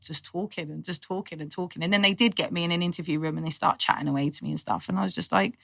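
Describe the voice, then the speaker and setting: A middle-aged woman, a podcast guest telling her story in lively, casual talk, acting out what people said and laughing often. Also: on the low side, fast, gravelly, no echo. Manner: animated storyteller, acts out quotes, laughs often. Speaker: guest, cannabis activist.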